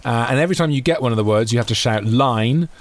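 A man hosting a casual podcast, briskly running a word game with playful teasing. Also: medium pitch. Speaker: podcast host.

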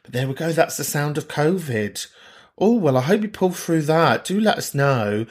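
A man's voice: a little high, animated, normal speed, breathy edge. A man hosting a podcast, chatting casually and swearing freely as he reacts to listener messages. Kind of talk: casual chat.

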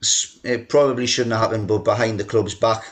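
A man's voice: on the low side, fairly even intonation, brisk. A man, a former footballer telling stories as a podcast guest, chatty and full of "you know" and "like". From England. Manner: mimics a shouting chairman in quoted lines. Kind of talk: casual storytelling interview.

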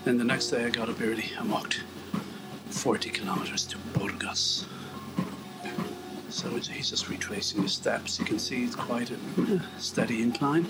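A man's voice: medium pitch, fairly even intonation, moderate pace, in a whisper, loud music behind the voice, poor audio. A man vlogging in a wry, self-mocking, rambling way as he comments on a walking video. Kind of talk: casual commentary while watching a walk video.

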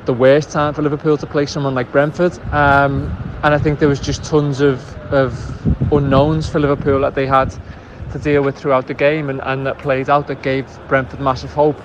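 Measured man on dull lo-fi line. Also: mid-range voice, flat delivery. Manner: measured, analytical. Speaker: guest from opposing fan podcast. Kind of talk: casual analytic chat. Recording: dull lo-fi sound with faint noise.

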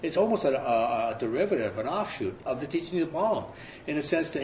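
A man's voice: mid-range voice, lively intonation, a little fast, a little hiss or hum. Casual man preaching in a roomy space. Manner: casual storytelling with slang asides. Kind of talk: sermon. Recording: roomy, dull sound.

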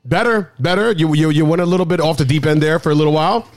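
A man hosting a casual podcast, joking and greeting loudly, his voice a bit cracked. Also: fairly high pitch, flat delivery, very fast, dry recording. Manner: joking, hype-style greetings. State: scratchy voice cracking. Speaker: podcast host.

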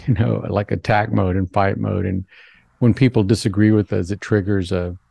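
Deep gravelly man, thoughtful guest. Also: steady tone, mellow, dry recording. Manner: thoughtful, measured, self-deprecating. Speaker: psychologist guest. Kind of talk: conversational interview.

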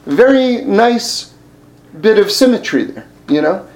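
High-voiced male Torah teacher, lively and informal, laughs easily between points. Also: slow pace, rough recording. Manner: animated, laughing, repeats words while thinking.

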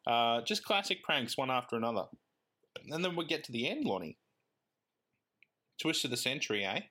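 Animated, bright-voiced joking man. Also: medium pitch, moderate pace. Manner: joking, laughs often, slips into silly character voices. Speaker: podcast co-host. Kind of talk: casual chat.

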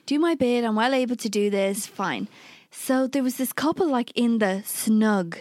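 A young woman co-hosting a podcast, telling stories in lively casual chat and swearing freely. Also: on the high side, moderate pace, no room sound, clean studio sound. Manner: animated storytelling, swears freely. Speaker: podcast co-host.

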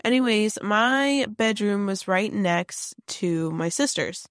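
A woman's voice: medium pitch, lively intonation, slow pace, clean tone, dry recording, clean studio sound. A woman casually telling a creepy personal story, chatty and full of fillers and restarts.

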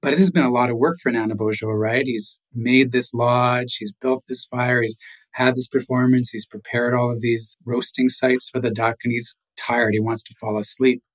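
A middle-aged man from Canada, a guest telling a traditional legend in an unhurried way, with chuckles and "you know" asides. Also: mid-range voice, steady tone, low-quality recording. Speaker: guest storyteller. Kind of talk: oral storytelling.

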